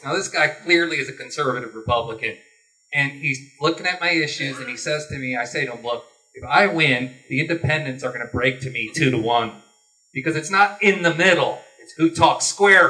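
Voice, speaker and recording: Bright, earnest man at a forum mic. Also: fairly high pitch, brisk. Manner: folksy storytelling, earnest. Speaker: political candidate. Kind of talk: campaign closing statement. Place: meeting hall forum. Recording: distant room mic.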